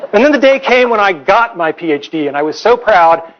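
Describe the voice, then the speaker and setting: A professor in his forties gives a humorous, earnest public lecture, his voice sitting high for a man. He tells stories in a wry, playful way. The recording sounds a little dull and muffled. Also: noisy background.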